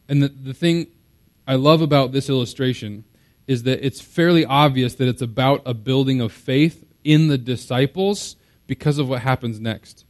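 A man's voice: mid-range voice, normal speed, a little mellow. A man preaching a sermon as a pastor, in a conversational, explaining way with casual fillers.

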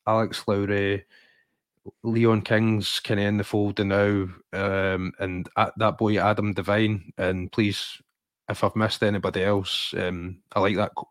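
A man's voice: lowish voice, no echo. A Scottish man co-hosting a podcast, chatting about football in a rambling, enthusiastic way full of fillers. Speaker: podcast co-host. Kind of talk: casual chat.

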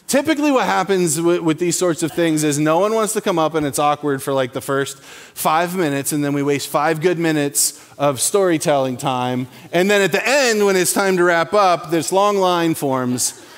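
A man's voice: a little high, expressive, moderate pace. A man hosting an open sharing time, coaxing people up with a loose, filler-heavy way of talking. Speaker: event host. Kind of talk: casual emcee talk. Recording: long hall reverb.

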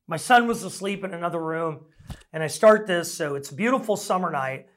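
Middle-aged male pastor, sermon delivery, lively swooping voice, casual storyteller with a self-mocking streak. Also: sits high, a little fast. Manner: conversational storytelling, self-deprecating humor.

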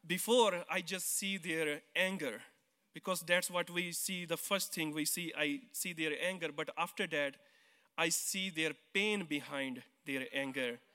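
A man with an Indian accent tells his story of faith in simple, earnest English, sometimes stumbling and restarting. His voice is a little high and bright with a forceful edge. It rings through the long reverb of a church hall. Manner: simple, earnest, non-native grammar, some hesitant restarts. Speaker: church member giving testimony. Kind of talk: personal testimony on stage. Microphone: handheld mic.

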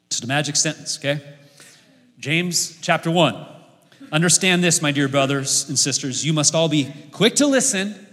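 A man in his forties preaching a sermon as pastor, lively and joking, leading the congregation in repeated lines. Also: a little high, moderate pace. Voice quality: bright, lively preaching voice with humor. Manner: leads the congregation in repeating lines, jokes and laughs. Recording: echoey hall with long reverb.

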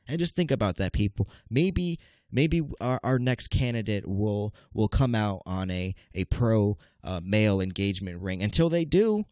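A man's voice: lowish voice, big pitch swings, normal speed, a little mellow, no echo, studio quality. Congested, nasal man rambling on a podcast. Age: late 20s. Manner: rambling, stammering, keeps calling listeners "people". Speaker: podcast host. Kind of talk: casual solo podcast monologue.

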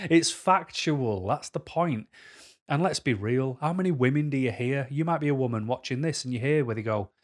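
A man's voice: mid-range voice, fairly quick. Jokey, chatty man. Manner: jokey, self-deprecating, chatty. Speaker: YouTuber giving dating advice. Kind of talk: casual vlog talk to camera.

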